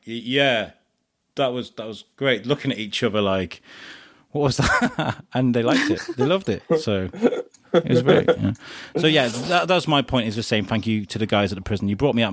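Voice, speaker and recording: A man hosting a podcast, chatting casually and telling animated stories with frequent laughter. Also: lowish voice, dry recording, studio quality. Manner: animated storyteller, laughs often. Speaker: podcast host being interviewed. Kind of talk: casual chat.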